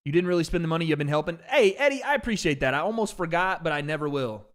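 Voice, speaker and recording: A man hosting a casual livestream, talking in excitable slang with sudden outbursts of frustration. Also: fairly high pitch, very fast. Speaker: livestream host.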